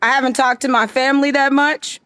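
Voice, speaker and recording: A woman's voice: high-pitched, fairly even intonation, fairly quick, pushed and bright, no echo, clean studio sound. A woman giving an emphatic, confrontational monologue straight to her viewers. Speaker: vlogger addressing viewers. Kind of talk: direct-to-camera monologue.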